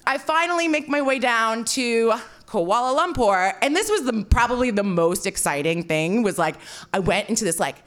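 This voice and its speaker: A woman telling a personal story, animated and self-mocking, swearing freely and filling her talk with "like". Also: fairly high pitch, normal speed. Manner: animated, swearing, heavy filler "like"; self-mocking, frequent laughter.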